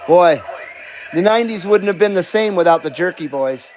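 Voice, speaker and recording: A middle-aged man hosts a loose live stream, reading viewer comments aloud and joking back. His voice sits fairly high for a man, and he swears freely. A faint background hum runs under his talk. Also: expressive, normal speed, a little mellow, rough recording. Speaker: livestream host. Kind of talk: casual live-stream chat.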